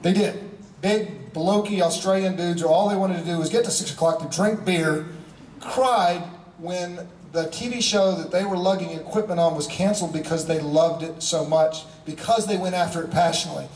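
A middle-aged man telling stories to fans on a convention panel, animated and emphatic, repeating phrases for effect. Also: high-pitched, normal speed, a little hiss or hum. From United States. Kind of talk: storytelling to a fan audience. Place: convention hall. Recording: echoey hall, heard from far off.

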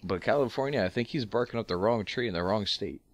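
Man, podcast co-host, low voice, dry recording, loose drawling casual chat. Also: fast talker, dry recording. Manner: laid-back, loose, drawls and trails off.

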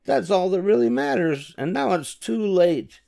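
A man's voice: high voice, big pitch swings, a little slow, gravelly, mellow, pitched above the performer's own voice, exaggerated voice. An older man voicing a vain, dramatic young female hamster in a storybook reading, gushing and theatrical. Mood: wailing.

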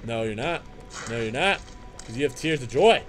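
A young man hosting a let's play, commenting on his game with excitable trash talk, jokey asides and sing-song chanting. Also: medium pitch, moderate pace, faint music behind. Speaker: gaming channel host.

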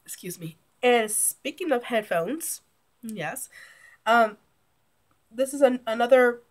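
A woman's voice: fairly high pitch, expressive, slow pace, long pauses. A woman with a cold, nasal and a little short of breath, chatting casually to her channel's viewers. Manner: chatty, rambling, self-correcting. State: sick and nasal. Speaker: YouTube vlogger. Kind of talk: casual vlog intro to camera.

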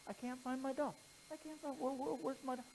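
A man's voice: fairly even intonation, brisk, background noise. Man doing a fretful little girl. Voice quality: high, pleading. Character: upset little girl searching for her doll.

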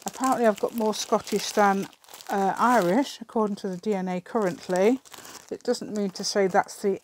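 A woman's voice: medium pitch, fairly even intonation, normal speed, slight background noise. A middle-aged woman chatting casually while she crafts, rambling, laughing often and muttering asides to herself. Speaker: craft video maker.

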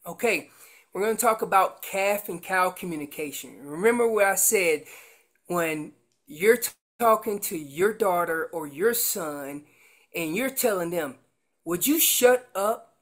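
A woman teaching elk calling in a seminar with slides. She explains with everyday comparisons and breaks into loud acted voices of calves and parents. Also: fairly low pitch, lively intonation, a little slow.

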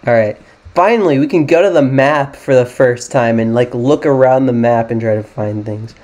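In a medium-pitched, slightly mellow voice, a young American gaming YouTuber wanders through casual, self-mocking remarks while playing a geography guessing game and thinking aloud.

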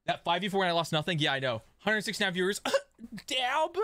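Excitable male streamer, bright and lively. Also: high-pitched, brisk, no room sound. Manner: excitable, swings between shouting and muttering; swears mildly, talks to chat. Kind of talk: live gameplay streaming.

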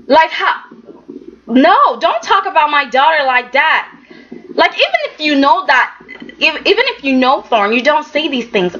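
A woman reviews a soap opera in a sassy, emphatic vlog style, often stopping with "okay?". Her voice is high and bright, and her pace is unhurried. The recording sounds dull and lo-fi. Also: big pitch swings. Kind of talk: casual vlog commentary.

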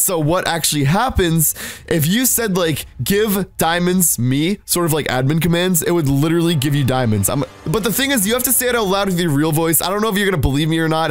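A man hosting a Minecraft video, excitedly narrating to viewers with big jumps in his voice. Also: no room sound. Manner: excitable, jumpy pitch, talks to the audience. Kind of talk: excited gaming commentary to viewers.

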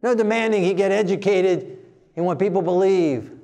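Delivering a sermon at normal speed, a very high-voiced man preaches in a plain, forceful way. He ridicules the timid voices he quotes.

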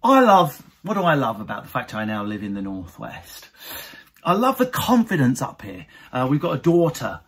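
A man from Essex doing an animated stand-up routine to camera, often jumping into high mocking voices of other people. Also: normal speed, husky. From Essex, England. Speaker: stand-up comedian.

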